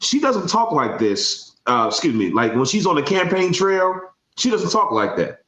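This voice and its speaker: A man's voice: high-pitched, sing-song, moderate pace, pushed and bright, roomy sound. A man speaking as a guest in a casual panel discussion, conversational and full of fillers.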